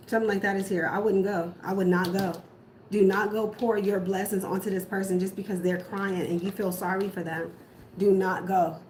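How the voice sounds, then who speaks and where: A woman with a medium-pitched, darkish voice gives a casual tarot reading, repeating firm and emphatic warnings. The room is echoey, with faint background noise.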